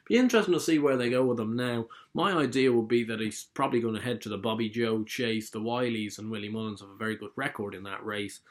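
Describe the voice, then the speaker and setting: A man's voice: on the low side, fast, hardly any pauses. A man giving his casual, opinionated views on the week's horse racing, often correcting himself mid-sentence. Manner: chatty, opinionated, self-correcting. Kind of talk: casual solo racing talk.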